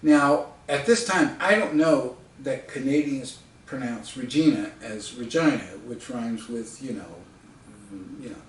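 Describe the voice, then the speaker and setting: A storyteller and author from the United States tells a funny travel story in a casual, chatty anecdote, laughing often and tossing in asides. His medium-pitched voice is slow. The recording sounds roomy and distant, with a little hiss or hum.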